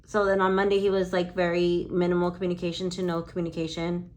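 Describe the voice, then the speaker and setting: A woman's voice: lowish voice, monotone, quick pace, darkish tone. A woman lash artist telling a story in casual chat, swearing freely and quoting conversations with "I'm like".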